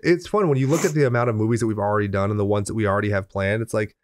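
A man's voice: on the low side, rapid-fire, no echo, studio quality. A man co-hosting a casual film review podcast from his garage, joking and swearing freely. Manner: joking, profane, animated. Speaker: podcast co-host. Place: home garage.

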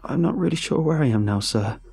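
A man's voice: on the high side, animated, a little fast, gravelly, slightly rough, soft background music, voice pushed up, exaggerated voice. A man voicing a panicked young soldier. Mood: scared. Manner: panicked, breathless shouting. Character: young male soldier trapped and terrified.

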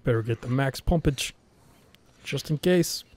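A man's voice: medium pitch, unhurried, darkish tone. A man giving casual live commentary on his own gameplay, talking to himself nervously and swearing as he reacts. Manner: nervous self-talk, frequent swearing, reacting aloud to the game. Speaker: let's play gamer.

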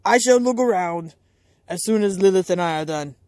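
A man voicing a bossy, cheeky male toy creature in a home toy-play story. The voice sits high and sounds dry and close. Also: normal speed, darkish tone, no room sound, lightly acted. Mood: doting.

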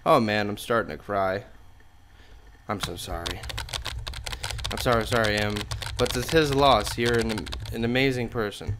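A man's voice: lowish voice, moderate pace. A man casually commentating a chat game, making joking, self-mocking asides as he types replies. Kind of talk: casual let's-play commentary. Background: loud background music and keyboard typing.

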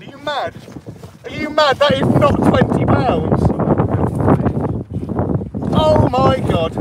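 A young man with a strikingly high voice narrates his fishing live from a small boat and breaks into excited shouts. He speaks in an unhurried way between the outbursts. Loud wind and boat noise roar over the mic. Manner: talks to viewers while fighting a fish, bursts into excited shouts. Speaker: angler vlogger. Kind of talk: live fishing commentary to camera. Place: outdoors on a small boat at sea.

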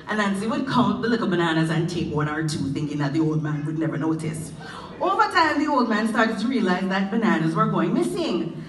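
A woman from Jamaica with a Jamaican accent, telling a folktale live at an event with a lively, drawn-out delivery. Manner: lively, drawn-out telling with sudden jumps in pitch. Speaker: storyteller. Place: event hall. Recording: roomy hall, mic at a distance.

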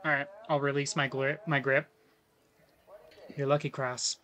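A man's voice: medium pitch, flat delivery, a little slow, pushed and bright. A man playing a tabletop game, speaking both in and out of character in a firm, matter-of-fact way. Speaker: player. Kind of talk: tabletop role-play.

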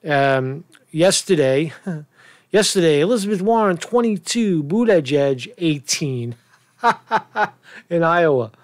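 Man, brash political rant, crude and mocking, slightly high voice, dry close sound. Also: lively intonation, takes it slowly, no echo. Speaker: political commentary vlogger. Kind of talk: profane off-the-cuff political rant.

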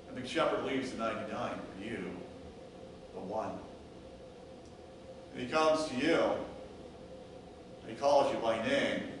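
A man's voice: mid-range voice, slight background noise. A male pastor preaching a sermon in a church sanctuary, building rhythmic lists of repeated words. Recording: echoey church from far off.

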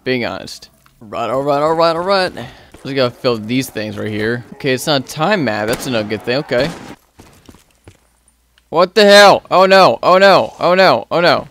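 Young man, gameplay commentary, bright gravelly voice, jumpy pitch, panicky yelling. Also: moderate pace, slight background noise. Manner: excitable, yells in panic, slangy. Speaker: gaming YouTuber.

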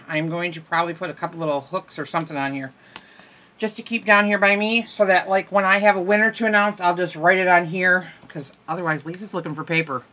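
A woman's voice: lowish voice, sharp tone. An older woman in casual, rambling chat, showing items from a store haul at home and joking at her own expense. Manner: chatty, rambling, self-deprecating. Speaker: haul vlogger. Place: home room.

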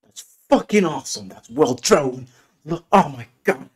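Excitable male reviewer, raving and cursing, with a very animated pitch. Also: normal speed, husky. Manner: gushing, profane, exclamatory. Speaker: movie reviewer. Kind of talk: excited movie rant.

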